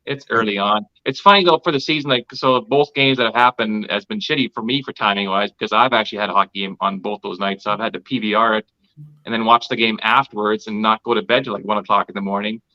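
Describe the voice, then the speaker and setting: A man's voice: fairly low pitch, fast, pushed and bright, lo-fi sound. A man co-hosting a casual sports podcast, a chatty and opinionated fan. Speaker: podcast co-host.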